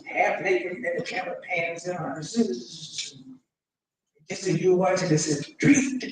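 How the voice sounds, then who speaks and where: A man delivering a sermon, addressing his congregation and building to shouted emphasis. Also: sits high, fairly even intonation, a little slow, a little hiss or hum. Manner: preaching with rising shouted emphasis. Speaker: imam. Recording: echoey hall, mic from far off.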